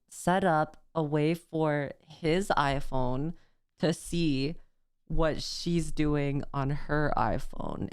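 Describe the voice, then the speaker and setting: A woman's voice: sits low, clear, resonant tone, no room sound, studio quality. A woman streamer reacting bluntly to a story, swearing and thinking aloud. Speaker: VTuber streamer. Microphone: phone face tracking, desk mic.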